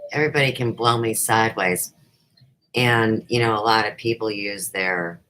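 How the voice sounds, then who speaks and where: A woman's voice: very deep voice, fairly bright tone, rough recording. A middle-aged woman chats unscripted on her own livestream, taking her time and drifting from one thought to the next. She breaks off, circles back, and starts again. Her delivery is loose and conversational, with no polish. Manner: rambling, jumps between topics. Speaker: livestream show host. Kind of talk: unrehearsed casual livestream chat.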